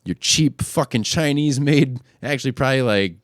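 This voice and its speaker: A man hosting a podcast, ranting casually and crudely, often pushing his voice louder and higher when worked up. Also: moderate pace, no room sound, clean studio sound. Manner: profane, crude trolling rant. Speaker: podcast host. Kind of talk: casual solo rant.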